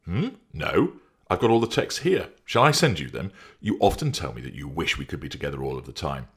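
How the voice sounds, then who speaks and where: A man's voice: a bass voice, very animated, brisk, breathy edge, heavily acted. A man voicing an anxious, pleading man who is desperate to hold on to his partner, in an audiobook reading. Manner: pleading, defensive.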